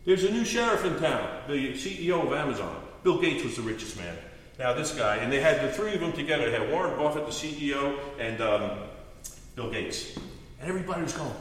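Male pastor preaching, lively up and down voice, super echoey far off church sound. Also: mid-range voice, fairly quick, slight background noise. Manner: animated, storytelling, earnest. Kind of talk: sermon. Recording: echoey hall, distant mic.

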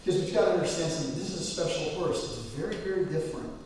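Male pastor, sermon storyteller who builds to loud peaks; slightly high voice, distant mic, long church reverb. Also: very fast, a little hiss or hum. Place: church sanctuary. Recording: echoey hall, mic from afar.

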